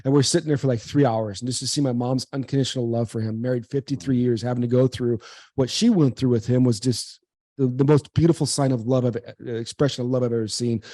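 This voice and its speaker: A man's voice: mid-range voice, steady tone, fast talker, dark tone, no room sound. Earnest man telling a personal story. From United States. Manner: earnest, repeats words, acts out quoted dialogue. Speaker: guest, former pro baseball player and speaker. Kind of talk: emotional personal storytelling in an interview.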